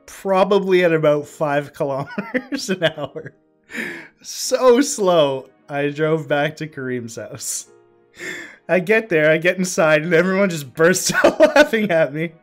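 A man in his twenties telling a story from his past in a casual vlog, swearing freely, breaking into laughter mid-sentence and filling pauses with ums. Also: a little high, expressive, faint music behind. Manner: lots of ums and uhs. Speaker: vlogger.

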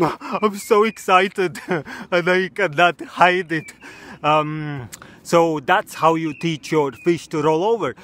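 Deadpan man in a mock tutorial. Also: mid-range voice. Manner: deadpan, earnest, halting with stammered restarts. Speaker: comedy vlogger. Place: outdoors in a park.

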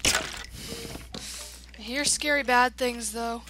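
Woman doing a let's play, kinda high voice, talks slow, chatty and reacts to everything, noisy mic. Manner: chatty, reacts aloud to the game. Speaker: gamer.

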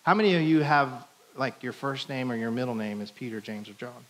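A man's voice: mid-range voice, fairly quick. A man preaching a sermon in a church, in a conversational, playful style that acts out the quotes. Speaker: pastor. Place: church sanctuary.

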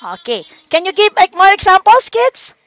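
A woman with a Filipino accent teaching a children's phonics lesson online in a slow, coaxing teacher voice. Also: very high-pitched, very animated, fairly bright tone, highs cut off. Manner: slow, coaxing teacher talk, reading out learners' names. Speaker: online tutor.

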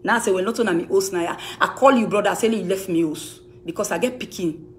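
A woman's voice: medium pitch, fast talker, slight background noise. A woman with a Sierra Leonean Krio accent, a music manager answering accusations to camera in an accusing, emphatic, repetitive way. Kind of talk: heated rebuttal to camera.

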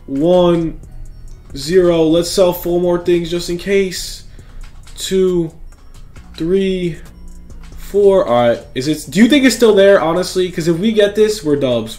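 A man's voice: on the high side, a little mellow. Hyped young man commenting on gameplay. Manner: hyped, slangy, talks to viewers. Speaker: gaming YouTuber.

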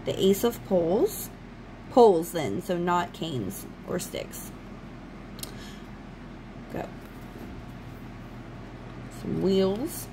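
A woman's voice: fairly low pitch, very animated, very slow, pauses often, background noise. Gushing woman unboxing a card deck. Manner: gushing, enthusiastic fan talk. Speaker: channel host. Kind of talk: casual unboxing chat.

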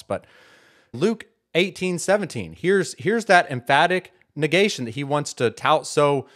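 A man's voice: medium pitch, fairly bright tone. A man hosting a Bible teaching video, arguing his point emphatically and repeating words for stress. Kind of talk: casual apologetics monologue.

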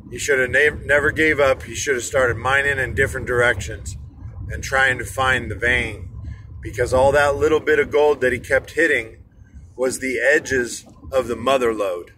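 A man's voice: medium pitch, sharp tone. A man, an inspirational speaker, telling a motivational story from his car in traffic, rambling with fillers. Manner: rambling, many fillers and restarts. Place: car in rush hour traffic.

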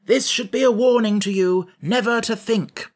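Pompous straw king, played by a male narrator: raised, bright voice, grand and lecturing, storybook read. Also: high voice, expressive, moderate pace, pitched above the performer's own voice. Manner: grand, lecturing, easily flustered. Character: pompous straw-stuffed king, vain and touchy. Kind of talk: audiobook character voice.

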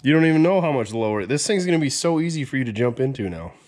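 A man's voice: medium pitch, very animated, fast, a little mellow. A man hosting a truck build video, chatting casually and joking with viewers as he works. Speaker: mechanic and video host.

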